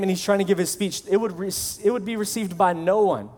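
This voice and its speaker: A man's voice: high voice, steady tone, quick pace, darkish tone. A male pastor preaching a sermon in a conversational way, acting out the voices of the people he quotes.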